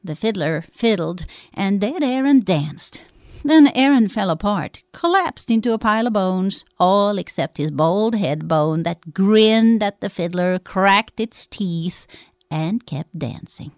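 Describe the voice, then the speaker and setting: Woman, storyteller, spooky folktale, lively pitch, dry close sound. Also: slow, no room sound. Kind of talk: told folktale.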